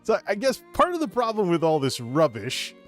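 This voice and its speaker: A man streaming a game, joking around in a put-on mock-British presenter voice, his throat scratchy and hoarse from a long night of shouting. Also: high voice, wildly swooping pitch, moderate pace, soft background music. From United States. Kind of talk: casual gameplay stream chat.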